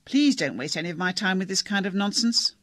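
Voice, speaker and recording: Pompous doctor, declamatory and stern, gravelly and husky, read by a man. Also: on the high side, animated, fast, fairly bright tone, no echo, heavily acted. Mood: indignant. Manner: declamatory, speechifying.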